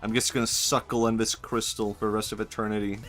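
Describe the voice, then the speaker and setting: A male streamer riffing on a game in casual commentary, joking around and breaking into laughter, with the odd swear. His voice sits fairly low, with faint game music playing underneath. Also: little pitch movement, fast, fairly bright tone.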